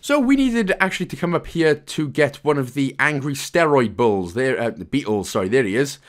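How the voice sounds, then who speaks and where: Welsh-accented young man, game guide host, jokey and rambling, animated sing-song delivery. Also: medium pitch, brisk. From Wales. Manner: chatty, jokey, loose with asides and fillers. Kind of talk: casual gameplay walkthrough commentary.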